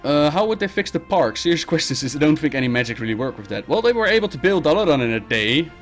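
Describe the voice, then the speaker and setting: A man hosting a live Q&A stream, reading viewer questions aloud and answering them bluntly and briskly. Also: on the high side, very animated, soft background music. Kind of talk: casual live-stream chat.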